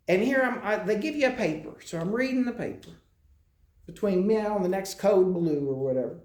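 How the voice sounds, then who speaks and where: A man's voice: high-pitched, a little mellow, echoey room. A man serving as a hospital chaplain, giving an informal, conversational message to a congregation, with frequent restarts and repeated phrases. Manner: halting, conversational storytelling with frequent restarts and repetitions. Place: meetinghouse worship room.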